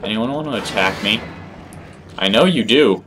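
A man's voice: lowish voice, lively intonation, normal speed, fairly bright tone. Sarcastic man taunting enemies over game noise. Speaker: gameplay commentator. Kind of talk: let's play commentary. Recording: game sounds clearly behind the voice. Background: game audio.

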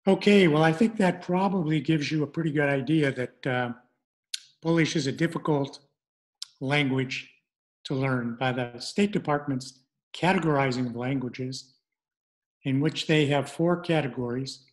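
Man, middle-aged, online language lesson, halting with fillers, slow, fairly high pitch. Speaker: language program presenter.

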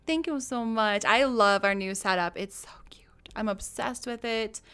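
A woman's voice: fairly high pitch, normal speed, fairly bright tone, clean tone. A woman streamer chatting casually over her game, giggling often and greeting viewers by name. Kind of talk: live game stream chat.

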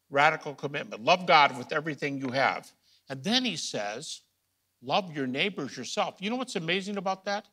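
A man giving a recorded lecture, emphatic and full of rhetorical questions, repeating key phrases and swinging from quiet asides to loud stresses. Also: mid-range voice.

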